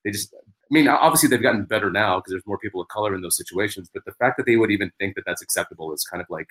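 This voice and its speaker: A man's voice: on the low side, rapid-fire, a bit bright, husky. A man who is a comedian, telling stories animatedly as a podcast guest, with many restarts. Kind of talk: casual podcast chat.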